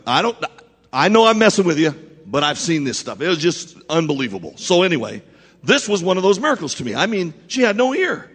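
A man preaching a sermon, telling a story to his congregation in an animated way with frequent restarts. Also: fairly high pitch. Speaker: pastor. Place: church. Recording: long hall reverb.

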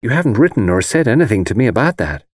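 A man's voice: medium pitch, very animated, quick pace, dry recording, studio quality. A man voicing an anxious newly married young woman in an audiobook, earnest and full of questions. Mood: earnest, worried.

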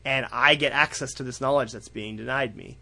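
A man playing an eager, determined young woman student, speaking in a high, fast, gushing voice. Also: fairly even intonation, vocal fry, pushed and bright, dry recording, exaggerated voice.

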